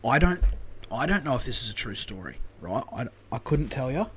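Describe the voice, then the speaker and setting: A man with an Australian accent, telling casual stories as a podcast co-host, animated and swearing freely. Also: mid-range voice, a little fast, a little hiss or hum. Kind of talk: casual storytelling chat.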